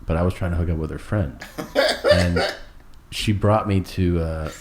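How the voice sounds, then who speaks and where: Guy with a real low voice rambling thru a story, swears a lot, does all the "i was like" bits, bit of faint hiss. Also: moderate pace. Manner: rambling, profane, acts out quotes with "I was like". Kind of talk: casual storytelling chat.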